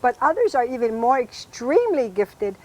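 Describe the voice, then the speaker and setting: A middle-aged woman from Hawaii, hosting a casual talk show, exuberant and loud, laughing often. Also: fairly high pitch, sing-song, normal speed. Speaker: host. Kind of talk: casual chat.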